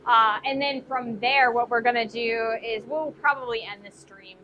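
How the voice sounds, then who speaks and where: A woman's voice: a little high, steady tone, moderate pace, pushed and bright. A woman blacksmith chatting casually on a live stream as she works in her workshop, musing aloud and answering viewer comments. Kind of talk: casual live-stream chat while forging. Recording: dull lo-fi stream audio with faint noise.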